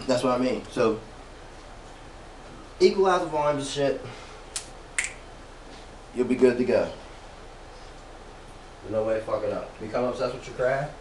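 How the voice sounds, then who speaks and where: A man giving a casual, profane motivational rant as a vlogger, talking slangy and sometimes drawing words out slowly. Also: medium pitch, darkish tone, a little hiss or hum.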